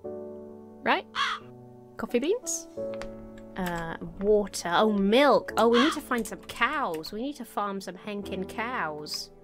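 A woman's voice: medium pitch, animated, takes it slowly, over music. A woman with a stuffy, nasal voice, chatting to herself as she plays a building and farming game. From England. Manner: chatty, talks to herself while sorting items. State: nasal from a cold. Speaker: Minecraft let's player. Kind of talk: casual gameplay commentary.

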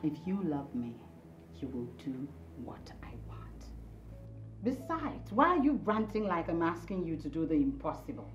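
A woman's voice: low-pitched, sing-song, normal speed. An actress with a Nigerian accent playing a cold, dismissive young woman who gives orders. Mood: scornful. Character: haughty young woman, scornful fiancée. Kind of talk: film drama acting. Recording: echoey, dull sound with music.

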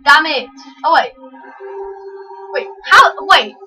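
A woman giving excitable live commentary over her own gameplay, yelling at the screen with quick self-mocking asides. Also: very high voice, poor audio. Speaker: gaming channel host.

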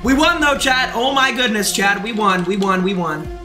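High, sharp-voiced excitable young streamer man. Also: moderate pace, faint music behind. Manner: excitable, shouty, talks to chat. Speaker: gaming streamer. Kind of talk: live game commentary.

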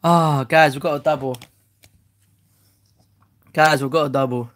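Excitable woman vlogging. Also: sits low, unhurried. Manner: excitable, chatty, swears loudly when let down. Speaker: host. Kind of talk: casual unboxing vlog.

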